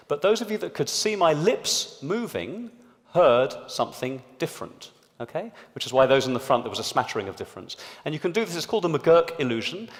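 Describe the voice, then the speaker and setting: A man giving a lively, explanatory talk to an audience in a large hall through an amplified stage mic. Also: mid-range voice. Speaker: panel speaker. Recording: reverberant lecture hall.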